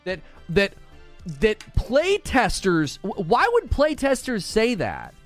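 A man on a live stream argues with his chat in a skeptical, argumentative manner, often stumbling over repeated words. His fairly high voice swings up and down with lively energy. Faint music plays behind him. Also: slow.

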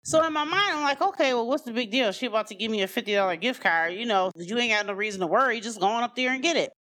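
Speaking fast and animatedly in a slightly high, sharp-toned voice, a woman shares her life story candidly and without a script, peppering it with "like" and "you know" in a loose, chatty style.

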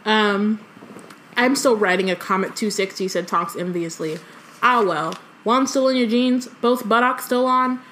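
A woman's voice: mid-range voice, unhurried, fairly bright tone. A woman co-hosting a podcast, reading a novel aloud and breaking off to comment and laugh. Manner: reads dialogue aloud with light voices, laughs often. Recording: echoey room with faint noise.

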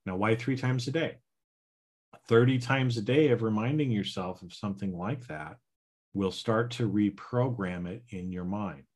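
A man's voice: lowish voice, slightly rough. A man hosting a self-help podcast in a casual, folksy way, checking in with listeners by asking "right?" and "okay?". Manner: slow, repeats "right?" and "okay?"; folksy and plain-spoken. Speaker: podcast host, healing coach.

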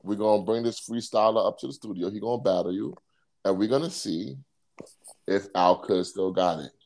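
A man's voice: on the low side, moderate pace, darkish tone. A man hosting a podcast, teasing his co-host and laughing often. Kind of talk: casual podcast banter.

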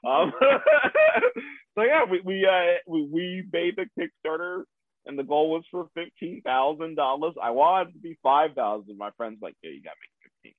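This man's voice sits on the high side, sing-song and a little slow, recorded dry and tinny like a phone. In a casual chat he relates a personal story, poking fun at himself, swearing freely, and laughing often.

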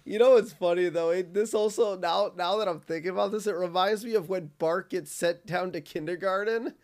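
High-voiced man recapping a cartoon, laughing often. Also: fairly quick. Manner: laughs often, quotes characters in funny voices. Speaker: podcast co-host. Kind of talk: casual chat recapping a cartoon episode.

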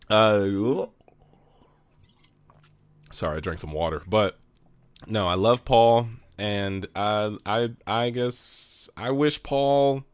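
A man's voice: medium pitch, no room sound. A man co-hosting a casual podcast, rambling with frequent restarts and laughter, talking into his own mic over a remote call. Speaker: podcast co-host. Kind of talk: casual chat.

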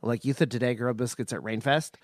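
Halting man, dry close sound. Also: medium pitch, steady tone, no echo. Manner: halting, full of restarts and "like". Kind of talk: casual chat.

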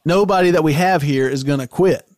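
A man in a casual podcast chat, thinking aloud in long rambling sentences and circling back on himself. His voice sits a little high and sounds dry and close to the mic. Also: brisk, darkish tone, dry recording. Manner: reflective, rambling with restarts. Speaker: band member guest.

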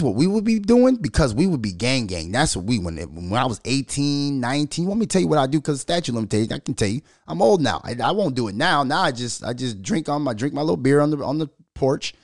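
A middle-aged man ranting in a loud, profane, storytelling way as a commentary vlogger. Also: on the high side, no echo, studio quality. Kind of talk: unscripted profane rant.

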